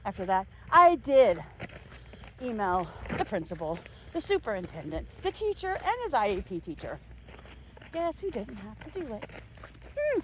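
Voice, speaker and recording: A woman's voice: mid-range voice, big pitch swings, moderate pace, long pauses, a little hiss or hum. A middle-aged woman vlogger delivering a heated, emphatic and sarcastic rant, recorded outdoors while on a walk. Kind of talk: angry rant.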